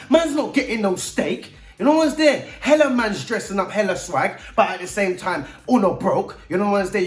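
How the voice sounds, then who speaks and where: A man with a London accent, speaking straight to young people as a mentor in emphatic street slang. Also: sits high. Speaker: youth mentor. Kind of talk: direct-to-camera talk to young people. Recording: echoey room.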